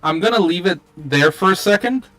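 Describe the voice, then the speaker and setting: A man with a slightly high voice chats casually as a player in a tabletop game. He lays out his character's attacks plainly, with the odd curse. Soft music runs underneath. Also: expressive, brisk. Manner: casual, profane.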